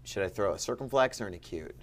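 Male teacher, low register, encouraging one-on-one quizzing. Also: lively intonation, quick pace. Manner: patient, quizzing, upbeat. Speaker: Ancient Greek teacher. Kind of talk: one-on-one lesson.

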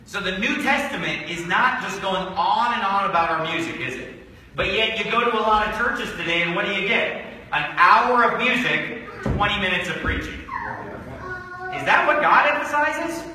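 A man's voice: high-pitched, expressive, normal speed, sharp tone, heavy reverb, big-room sound, distant mic, a little hiss or hum, poor audio. A man preaching a fiery sermon as a pastor, firing off repetitive rhetorical questions with sarcastic asides. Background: congregation calling out amens.

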